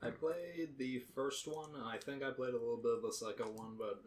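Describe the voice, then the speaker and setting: Giggly man tossing quick jokes. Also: mid-range voice, steady tone. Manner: giggly, quick jokey asides. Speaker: podcast co-host. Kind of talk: casual podcast chat.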